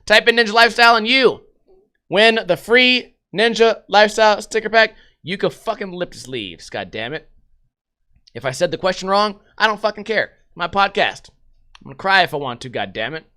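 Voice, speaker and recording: A young man with a high, bright, clear voice hosts a casual livestream podcast. He rambles through crude stories and swears constantly, talking loosely and off the cuff. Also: expressive, a little fast. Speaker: podcast host.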